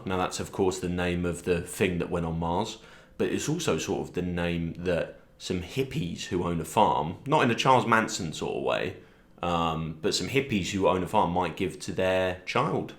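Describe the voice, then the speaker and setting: Deep-voiced deadpan man, roomy echo. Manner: deadpan, self-deprecating, meandering. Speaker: comedian pitching ideas. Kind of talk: rambling comic monologue.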